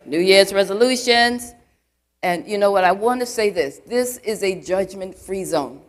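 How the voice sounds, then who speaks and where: A woman's voice: mid-range voice, a little slow. Chatty woman preaching to a congregation. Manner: chatty, full of "you know" asides, quizzes the congregation. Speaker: church elder preaching. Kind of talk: conversational sermon. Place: church, before a live congregation.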